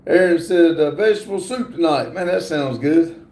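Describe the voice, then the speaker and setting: A middle-aged man, hosting a casual livestream and slowly reading viewer comments aloud with many fillers. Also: a little high, darkish tone, roomy sound. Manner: slow, drawling, reads chat aloud with many fillers. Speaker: livestream host.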